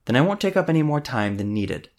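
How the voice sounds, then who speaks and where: A man's voice: big pitch swings, quick pace. A man doing a breezy commanding duchess. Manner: breezy, higher voice.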